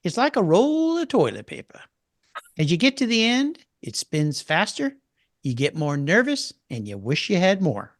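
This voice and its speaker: A man's voice: high voice, huge pitch swings, normal speed, no echo, studio quality, exaggerated voice. Wry old Texan man with a drawl, done by a man. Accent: Texas drawl. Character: ninety-one-year-old Texan man, wry and folksy.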